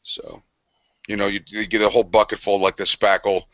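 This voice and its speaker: A young man cohosting a podcast chats quickly, and his voice sounds bright and forceful. He tells stories with a lot of energy and swears casually. The recording is dull and lo-fi. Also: fairly low pitch, dry recording. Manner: animated storytelling, swears freely. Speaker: podcast co-host. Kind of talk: casual banter.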